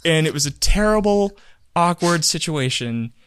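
A man's voice: a little high, normal speed, smooth, dry recording. Guy cohosting a chatty podcast, acts out what people said, dry close sound. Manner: animated storytelling, acts out quotes. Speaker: podcast co-host. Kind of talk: casual chat.

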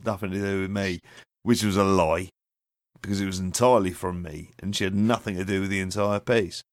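A man's voice: deep voice, fairly even intonation, brisk, no echo, clean studio sound. A tipsy man co-hosting a casual chat, swearing and laughing through his banter. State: drunk. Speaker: podcast co-host.

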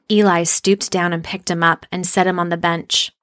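A woman narrating a children's storybook aloud in an expressive storytelling manner. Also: lowish voice, normal speed, dry recording, studio quality.

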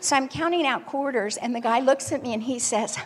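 Animated woman storyteller in a hall. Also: sits high, brisk, breathy edge. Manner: lively, animated storytelling with laughs. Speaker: speaker telling a personal story. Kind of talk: storytelling talk to an audience.

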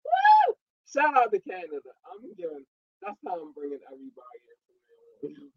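A man from Maryland hosting a livestream, giving casual, effusive shout-outs to his listeners and often breaking into excited shouts. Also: a little high, fairly quick, breathy edge, no room sound, lo-fi sound. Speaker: livestream host.

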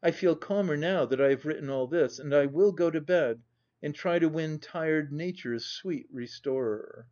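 A man narrating a classic novel as a volunteer audiobook reader, in an even, measured reading, on a dull lo-fi recording. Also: on the high side.

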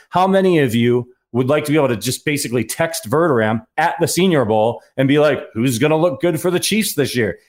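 A man hosting a sports fan podcast, talking in an earnest, rambling way with restarts. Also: mid-range voice. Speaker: podcast host. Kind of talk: casual podcast talk.

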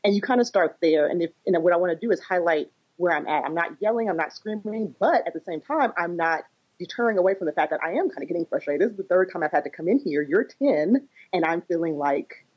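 This woman is a therapist and parenting coach on a podcast. Her voice is low and slightly husky, and she talks at a brisk pace. She explains her ideas by acting out everyday scenes, and the recording sounds muffled and lo-fi. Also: expressive. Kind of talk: conversational podcast interview. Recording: dull lo-fi audio.

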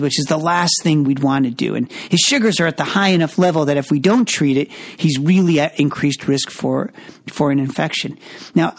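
A man who works as a surgeon, explaining a communication method in a measured, earnest way. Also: fairly high pitch. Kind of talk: teaching conversation.

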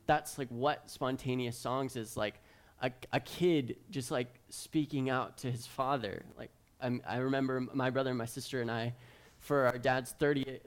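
Young male preacher, mid-pitched, chatty sermon delivery, loose and full of "like", acts out quoted voices. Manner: animated storytelling, many fillers like "like". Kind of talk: casual sermon.

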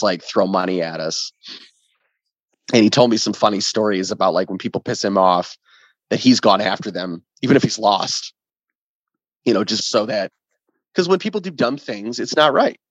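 A man guest telling a story on a podcast, animated, swearing freely and acting out what others said. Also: fairly low pitch, normal speed, dry recording. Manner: animated, acts out quoted voices, swears freely. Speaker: band member guest. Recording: dull lo-fi dry sound.

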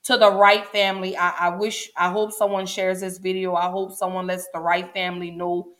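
A woman's voice: on the low side, level tone, normal speed, a bit bright. A woman, hosting a casual livestream and talking straight to her viewers, chatty and emotional. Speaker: show host.

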